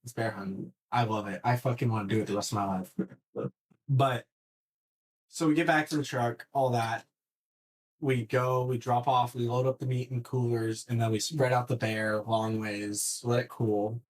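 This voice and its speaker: A moderate pace and mid-range voice mark this man's animated podcast storytelling. It's casual talk, loaded with profanity and sentences he abandons and begins anew.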